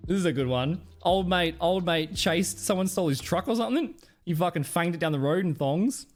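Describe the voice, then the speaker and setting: A young Australian man reacts to clips on his stream, his pitch bouncing up and down with animated energy. He rambles, swears freely and talks in a relaxed, chatty way. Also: fairly quick, soft background music. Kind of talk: casual reaction commentary.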